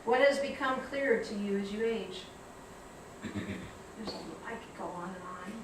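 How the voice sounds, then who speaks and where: A woman's voice: medium pitch, far from the mic, noisy background. Woman speaking in an echoey hall. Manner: reflective, storytelling, measured. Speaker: guest speaker. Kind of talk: public talk. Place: lecture hall.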